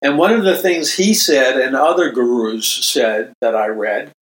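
An older man, a Christian speaker and author, preaching in a slow, emphatic monologue and repeating phrases for stress. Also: medium pitch. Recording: roomy echo.

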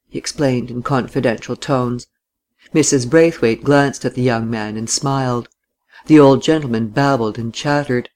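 A narrator reading a classic novel aloud in a steady, measured way. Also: mid-range voice.

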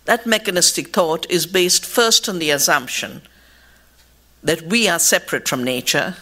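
A woman speaking in a measured, deliberate, emphatic way, giving a reflective talk about her scientific views. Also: on the low side, bright, forceful tone.

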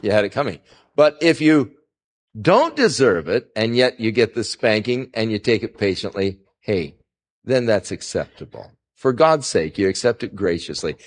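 A man's voice: fairly low pitch, sing-song, moderate pace. A male pastor giving a conversational Bible-teaching sermon, folksy and anecdotal, with rising emphasis on scripture. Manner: folksy, anecdotal, chuckles at his own stories.

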